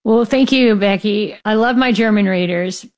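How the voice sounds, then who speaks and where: A woman's voice: mid-range voice, moderate pace. A woman, a novelist, talking frankly and with strong opinions as a guest in an interview, laughing now and then as she speaks. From United States. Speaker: author as guest. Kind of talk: casual interview talk.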